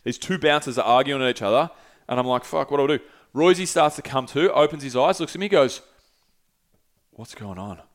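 A young man casually telling a long travel story, animated and swearing freely. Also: a little high, quick pace. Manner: animated, swears freely, acts out quoted voices. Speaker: podcast host.

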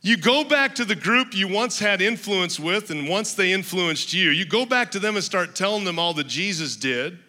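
Bright-voiced man preaching in a hall. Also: high-pitched, expressive, normal speed, few pauses. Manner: emphatic, personal storytelling with humor. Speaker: pastor. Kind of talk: sermon. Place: church hall with a congregation.

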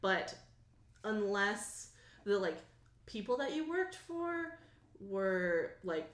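A woman's voice: medium pitch, sing-song, slow. A woman narrating a tabletop role-playing game as game master, casual and laughing, full of "like" and "um". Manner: casual, laughs often, lots of fillers. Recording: echoey garage.

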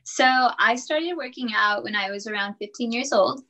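Bright-voiced upbeat young woman chatting. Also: fairly high pitch, normal speed, rough recording. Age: 20s. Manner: upbeat, chatty, laughs often, many fillers like "like" and "um". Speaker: podcast guest, college student and personal trainer. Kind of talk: casual interview chat.

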